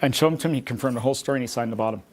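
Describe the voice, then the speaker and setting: Fast-talking man telling a collector's story. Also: mid-range voice, crowd noise. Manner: rapid, rambling anecdotes with restarts. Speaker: memorabilia collector. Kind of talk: animated storytelling.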